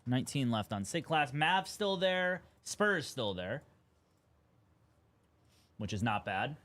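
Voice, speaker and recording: A young man hosting a live card-breaking stream, chatting casually and getting excited at big pulls. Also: medium pitch, takes it slowly.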